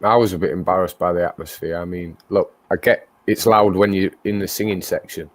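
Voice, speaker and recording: A man co-hosting a casual talk show, giving steady, opinionated commentary. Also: deep voice, a little fast, no room sound. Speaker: co-host. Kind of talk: casual chat.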